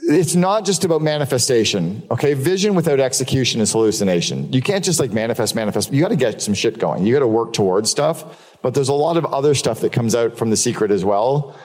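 A man's voice: medium pitch, animated, fast talker, a little mellow. A man giving a candid, profane business keynote to a live audience, telling stories and repeating points for emphasis. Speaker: keynote speaker. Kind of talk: live business talk with storytelling. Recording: long hall reverb.

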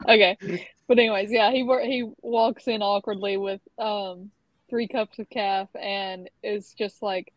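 A woman's voice: mid-range voice, fairly even intonation, a little slow, no room sound, poor audio. A woman narrating her character's actions in a tabletop game, hesitant and giggly. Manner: hesitant, giggly, self-conscious. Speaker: player. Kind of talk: tabletop role-play narration.

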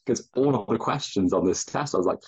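A man's voice: fairly low pitch, animated, fairly quick, slightly rough. A man, a podcast guest, explaining things in a reflective, rambling way. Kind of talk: casual chat. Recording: dull muffled audio.

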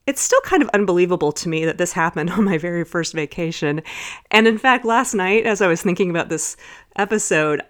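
Podcast host, middle-aged woman from Texas, lively storyteller, lowish voice. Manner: lively anecdotal storytelling with chuckles.

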